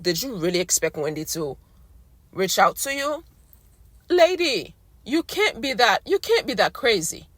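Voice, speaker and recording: Exasperated woman ranting, voice going hoarse. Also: medium pitch, big pitch swings, unhurried, fairly bright tone, no echo. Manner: exasperated, blunt, slangy. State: losing her voice. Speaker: recap vlogger. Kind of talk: casual rant to camera.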